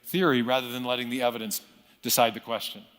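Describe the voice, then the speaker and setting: A middle-aged man calmly explaining science history, measured and lecturing, with frequent self-corrections. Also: medium pitch, clear, resonant tone, long reverb tail. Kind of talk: recorded interview clip, storytelling explanation.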